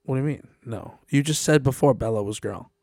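A man's voice: mid-range voice, a little fast, darkish tone, no room sound, studio quality. Young man joking in casual podcast chat. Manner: joking, teasing, swears freely. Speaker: podcast co-host.

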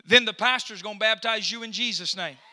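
A male pastor preaching a sermon in a church, punctuating phrases with 'uh' and building up to shouting. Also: sits high, fairly quick. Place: church sanctuary during a service.

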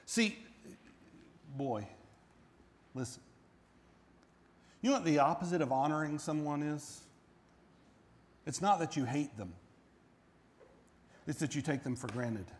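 A man's voice: mid-range voice, lively intonation, measured pace, pauses often. A man preaching a sermon as pastor, conversational, asking the congregation direct questions and building to emphatic peaks. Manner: emphatic, rising to near-shouting at peaks.

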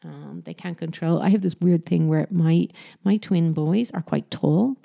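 Low, gravelly-voiced woman chatting about parenting. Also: a little slow, dark tone, dull audio. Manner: chatty, self-correcting, slips into mock sing-song voices when quoting. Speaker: parent giving parenting advice. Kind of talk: casual talk to camera.

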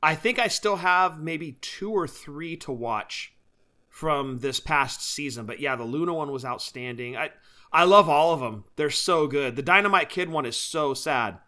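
A man's voice: a little high, animated, unhurried, pushed and bright. A man co-hosting a podcast, chatting casually and enthusiastically about wrestling shows and collectibles. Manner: enthusiastic, chatty, laughs often. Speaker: podcast co-host. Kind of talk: casual chat.

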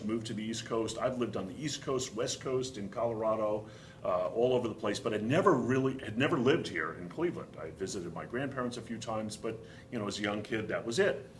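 A man's voice: lowish voice, slight background noise. A middle-aged man with a thick Boston accent, talking casually as an interview guest, enthusiastic and often restarting his sentences. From Boston, USA. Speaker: whiskey company founder, guest.

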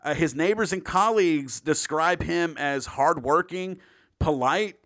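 A man's voice: on the high side, unhurried, a bit bright, no room sound, clean studio sound. A man co-hosting a casual true-crime chat, profane and joking, riffing into silly bits. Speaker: podcast co-host.

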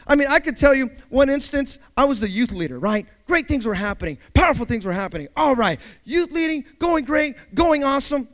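Man, preacher, very high voice, lively sweeping intonation, animated storytelling, questions the congregation. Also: fairly quick, hardly any pauses. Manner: animated, dramatic storyteller with vocal sound effects; speaks directly to the congregation, asking questions. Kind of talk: sermon with personal storytelling.

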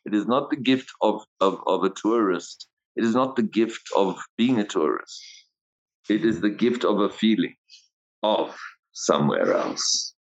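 A man's voice: fairly low pitch, big pitch swings, unhurried, creaky, muffled recording. A man, co-hosting a podcast in casual chat, rambling and heartfelt, with frequent laughs and restarts. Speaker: podcast co-host.

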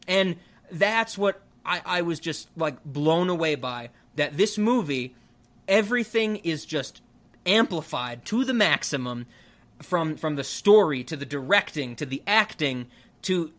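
A man with a somewhat raised pitch chats casually about a film he loves. He rambles with many restarts and bursts of excitement. It sounds like an easygoing podcast conversation. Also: a little slow. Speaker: podcast co-host. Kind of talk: casual movie review chat.

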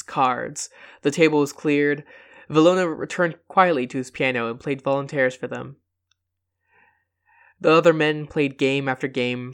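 Man reading a short story aloud. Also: a little high. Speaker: reader.

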